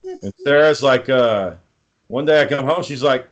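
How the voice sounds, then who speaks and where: A man's voice: mid-range voice, unhurried, dull audio. A man co-hosting a casual chat, swearing freely as he tells heated stories about home life. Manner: profane, heated storytelling.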